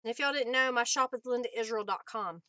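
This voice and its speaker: A woman's voice: on the high side, fast talker, sharp tone, no room sound. A woman hosting a crafting livestream, chatting easily and answering viewers by name between laughs. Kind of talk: casual livestream chat while crafting.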